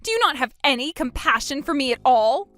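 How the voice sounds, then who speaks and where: A groveling sister-in-law, pleading and whining in a high, shrill voice that keeps leaping upward, as a woman storyteller puts her on. She sounds self-pitying and desperate, like a storybook character begging for help. Soft music plays faintly behind her. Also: sing-song, a little fast. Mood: indignant. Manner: pleading, whiny, pitch jumps high. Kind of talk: storybook narration.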